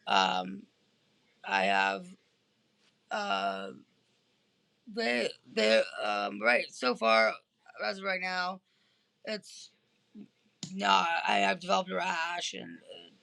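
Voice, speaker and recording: A woman's voice: medium pitch, sing-song, very slow, vocal fry, long pauses, a bit bright. A woman telling a long story in casual chat from a hospital room, rambling with many fillers and restarts, heard over a phone or video call. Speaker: interview guest.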